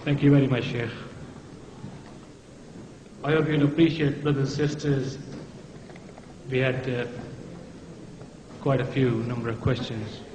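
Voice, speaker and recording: A man's voice: mid-range voice, steady tone, measured pace, pauses often. A man hosting an event, closing with polite, hesitant announcements. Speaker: event host. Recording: echoey hall with background noise.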